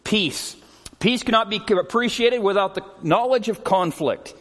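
A middle-aged man preaching a sermon as a pastor, telling stories earnestly and often slowing and dropping his voice for emphasis. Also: sits high, fairly bright tone. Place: church sanctuary. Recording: long hall reverb.

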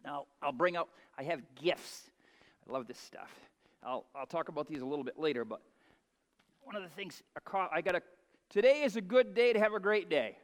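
A man preaching a sermon in a folksy way, building to loud, emphatic peaks. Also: a little high, fairly quick, in a large hall. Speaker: pastor.

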